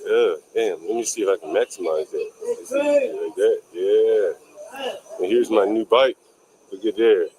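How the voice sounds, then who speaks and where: Against a noisy background, this DC host of an outdoor livestreamed street interview with landlords speaks in a fairly low, sing-song voice at an unhurried pace. His talk is loose and rambling, and he swears offhandedly.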